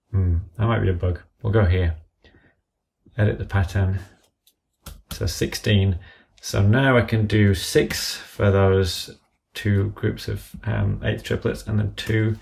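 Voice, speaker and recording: Low gravelly man walking through software. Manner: methodical, thinking aloud while clicking; calls out drum stickings in a low murmur. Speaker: app developer demonstrating software. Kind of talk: screen-recorded software tutorial.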